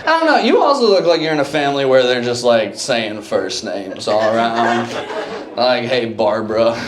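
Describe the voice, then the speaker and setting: A man's voice: mid-range voice, lively intonation, moderate pace. A man in his twenties from Cleveland doing a loose, chatty stand-up set and talking with the audience. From Cleveland, Ohio. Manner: loose, conversational, chats with the audience. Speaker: stand-up comedian. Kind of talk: stand-up set with crowd work. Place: comedy club. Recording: echoey club room, loud crowd noise.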